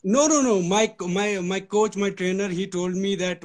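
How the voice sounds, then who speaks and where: A man from Kashmir with an Indian accent, calling in to a live stream. He is polite and eager, hesitating often with fillers and restarts as he speaks. His voice is a little high for a man. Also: normal speed. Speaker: caller.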